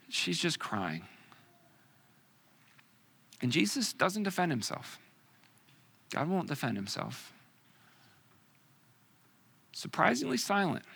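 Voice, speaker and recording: In a gravelly, husky mid-range voice, the man preaches, alternating loud emphatic lines with hushed near-whispers. Dramatic pauses and rhetorical questions mark his sermon.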